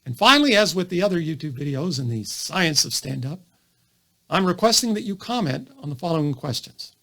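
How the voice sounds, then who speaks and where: An animated male doctor lectures straight to camera, his fairly high voice swinging up and down as he fires off rhetorical questions. A gravelly fry runs under his words, and he keeps a lively, explaining tone throughout. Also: a little fast. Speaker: physician lecturing on comedy. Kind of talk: educational video monologue.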